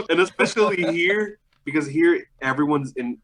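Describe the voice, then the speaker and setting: A young man talks in a loose, easygoing way as a podcast guest, swearing freely and breaking into laughter. His voice is bright and forceful, pitched in an ordinary middle range. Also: lively intonation, normal speed, poor audio. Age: young adult. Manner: loose, profane, laughs often, restarts. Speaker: podcast guest, vintage clothing seller. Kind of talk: casual interview chat.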